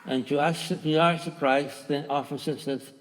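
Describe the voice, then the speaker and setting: A man in his nineties giving personal testimony to a large theatre audience, speaking haltingly with restarts and raising his voice when quoting others. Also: on the high side, steady tone. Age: 90s. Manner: halting, with restarts, voicing quoted dialogue louder. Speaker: Holocaust survivor giving testimony. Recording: long theatre reverb.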